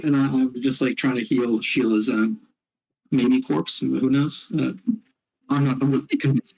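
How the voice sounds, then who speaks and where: A man playing a tabletop game, narrating his character's actions in a halting way. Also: mid-range voice, steady tone, gravelly, darkish tone, rough recording. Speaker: player. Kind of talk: casual tabletop play.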